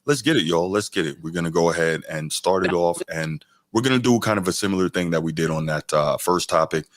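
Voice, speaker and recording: A low-voiced man hosting a podcast and reacting to clips in real time. He talks casually but gets exasperated, and his voice jumps high when he rants. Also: fairly quick, no echo. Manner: animated and exasperated, voice rising sharply when ranting. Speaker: podcast host. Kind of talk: reacting to a clip, casual commentary.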